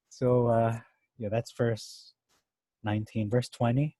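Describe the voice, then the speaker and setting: A man's voice: mid-range voice, fairly even intonation, moderate pace, mellow, breathy edge, no room sound, poor audio. A man going verse by verse through a Bible passage in a casual, conversational way, thinking aloud with fillers and asides. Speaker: Bible teacher.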